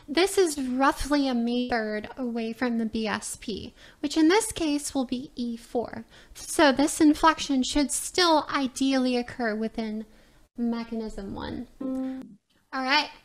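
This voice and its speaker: High-voiced woman teaching, slow and methodical. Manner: methodical, explanatory, checks in with "all right" and "right?". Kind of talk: recorded lecture presentation.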